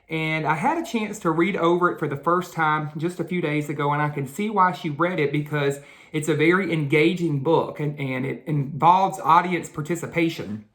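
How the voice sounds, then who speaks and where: A man's voice: on the high side, a bit bright. A man, a teacher, hosting a nightly children's read-aloud with a formal, earnest welcome and long flowing sentences.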